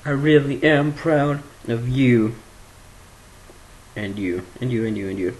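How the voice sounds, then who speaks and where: A man rambling goofily in a webcam vlog at home at his computer, jumping between low mumbling and sudden squeals. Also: fairly even intonation, takes it slowly, poor audio. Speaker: vlogger.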